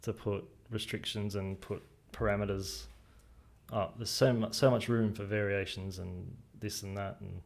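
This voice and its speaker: A man's voice: fairly low pitch, level tone, moderate pace, creaky. A man co-hosting a podcast, chatting casually with wry jokes and casual swearing. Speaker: podcast co-host. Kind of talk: casual chat.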